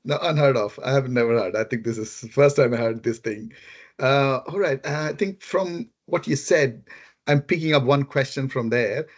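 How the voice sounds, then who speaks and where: A man hosting an interview, asking measured questions with a few hesitant fillers. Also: medium pitch. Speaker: host.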